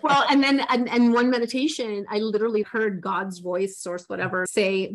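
A woman's voice: medium pitch, steady tone, moderate pace. A woman in her forties speaks as a life coach in an interview. She tells her own story earnestly and with feeling. Her words often trip and restart as she gets emotional.

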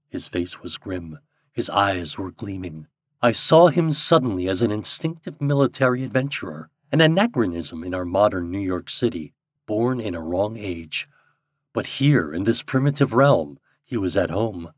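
A man narrating a story aloud as an audiobook reader, in an expressive storytelling manner. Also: low voice, moderate pace, dry recording, studio quality. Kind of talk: scripted narration.

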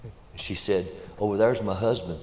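A preacher telling folksy, animated stories in a sermon. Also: male voice, lowish voice, normal speed, a little hiss or hum. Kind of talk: sermon storytelling. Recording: echoey hall, faint ambience.

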